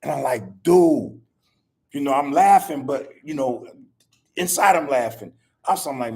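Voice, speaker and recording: An older man hosts a podcast in a gravelly, husky voice. He tells loose, profane stories about his family and breaks into laughter again and again. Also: medium pitch, lively intonation, a little slow, a little mellow. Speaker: podcast host. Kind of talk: casual storytelling chat.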